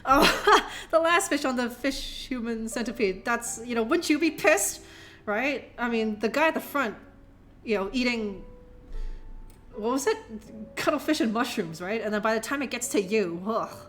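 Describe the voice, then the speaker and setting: A woman live-streaming with a high, lively voice that swings all over the place. She rambles, swears playfully and laughs often as she reads a children's book to her viewers. She sounds a little tipsy, and faint music plays behind her. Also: moderate pace. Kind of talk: casual live-stream chat and reading aloud.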